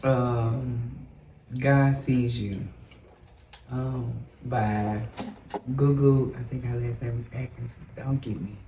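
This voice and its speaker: A man's voice: mid-range voice, steady tone, mellow, echoey room, far from the mic, a little hiss or hum, rough recording. A man with a Southern American accent, a guest singer, telling his story in an earnest, open and reflective way. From Southern United States. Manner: earnest and open, slow and reflective, with some hesitant "um"s. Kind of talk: candid personal storytelling.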